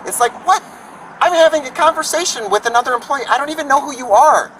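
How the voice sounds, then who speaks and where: A man's voice: very high voice, lively intonation, fast, bright, forceful tone, recorded from a distance, a little hiss or hum, poor audio. A man in an angry, profane street argument with police, ranting outdoors in a parking lot. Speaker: homeless activist confronting police.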